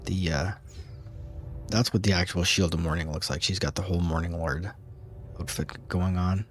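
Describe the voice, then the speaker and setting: A man streaming a video game, giving relaxed, chatty commentary with dry asides and frequent fillers. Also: sits low, moderate pace, a little hiss or hum. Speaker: gaming streamer. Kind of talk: casual gameplay commentary.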